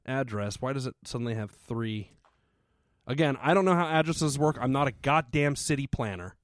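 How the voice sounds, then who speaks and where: A man co-hosting a podcast, telling a story in casual, profane chat with sudden loud outbursts. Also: medium pitch, expressive, moderate pace, no echo, studio quality. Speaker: podcast co-host. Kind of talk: casual comedic recap chat.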